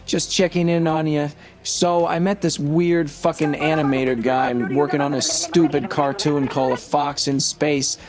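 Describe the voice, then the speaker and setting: A man's voice: a little high, level tone, a little slow, natural voice. A man doing an impression of a crude, grumbling middle-aged comedian podcaster, ranting with a lot of swearing. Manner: profane, grumbling rant.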